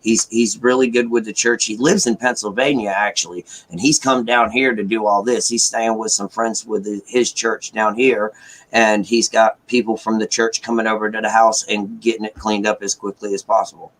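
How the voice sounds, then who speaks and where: A man's voice: fairly low pitch, fairly even intonation, normal speed, fairly bright tone, rough recording. A man talks through a long personal story at an easy pace. He rambles with lots of fillers and slips into the voices of the people he quotes. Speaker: caller sharing news. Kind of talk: casual storytelling chat.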